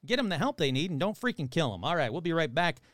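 A man's voice: fairly high pitch, sing-song, fast talker, a bit bright, no room sound, clean studio sound. A male podcast host reading odd news aloud with sarcastic, irreverent asides. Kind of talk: casual podcast commentary.

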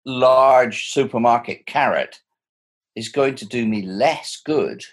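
A man in his sixties with a husky voice, speaking thoughtfully and animatedly from home over a video call. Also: medium pitch, slow pace. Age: 60s. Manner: thoughtful, animated, chuckling often. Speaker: interviewee. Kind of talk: reflective personal conversation.

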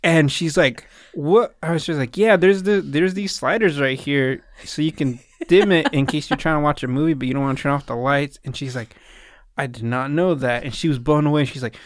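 A man's voice: a little high, fairly quick, dry recording, clean studio sound. A man hosting a casual podcast chat, telling stories and acting out what people said. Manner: animated storyteller, acts out quoted voices. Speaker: podcast host.

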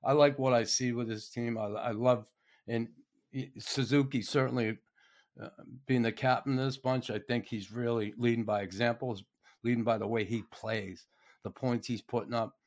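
Middle-aged male hockey commentator, casual monologue, salty and folksy, average pitch. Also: steady tone, moderate pace, darkish tone. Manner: blunt, folksy, swears freely.

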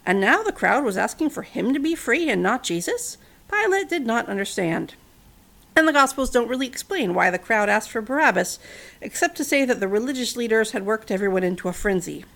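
A woman retelling a Bible story in a casual, chatty way, dropping in wry asides and little fillers. Her voice sits fairly high and swings widely in pitch. It sounds relaxed and conversational rather than formal. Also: brisk, gravelly.

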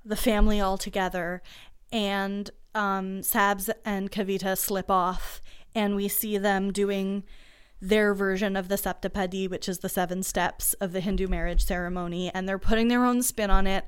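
Smooth-voiced woman gushing about a book. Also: medium pitch, little pitch movement, moderate pace. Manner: enthusiastic, emotional, chatty. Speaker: podcast co-host. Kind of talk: casual book discussion.

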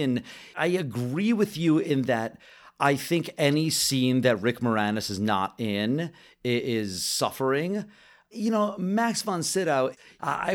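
Animated man chatting about a film. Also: fairly high pitch. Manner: animated, swears casually, stumbles and repeats words. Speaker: podcast co-host. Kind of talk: casual film review chat.

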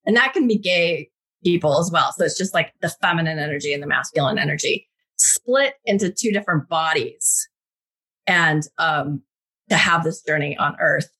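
Husky-voiced woman telling a spiritual story. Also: low voice, expressive, normal speed, sharp tone. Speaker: guest. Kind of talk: casual storytelling.

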